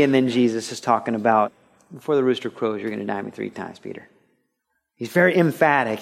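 A man preaching a sermon to a congregation in an earnest, conversational way, sometimes building to animated storytelling. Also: mid-range voice. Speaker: pastor. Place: church, broadcast on radio.

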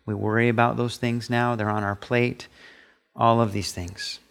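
A middle-aged man preaching a sermon as pastor, emphatic, rising high when he acts out voices. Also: little pitch movement, moderate pace, vocal fry. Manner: emphatic preaching, pitch rising sharply on quoted asides.

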